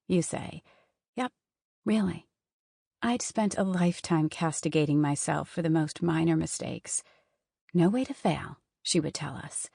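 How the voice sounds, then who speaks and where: A woman's voice: lowish voice, creaky, mellow, no echo, studio quality. A woman narrating a self-help audiobook in a wry, conversational reading. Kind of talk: scripted narration.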